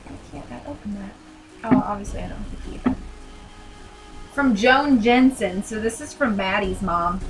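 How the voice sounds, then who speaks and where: A woman's voice: mid-range voice, normal speed, faint music behind, low-quality recording. A young woman casually commenting as she livestreams a video game, chatty and giggly, rambling with lots of "like". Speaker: streamer playing a video game.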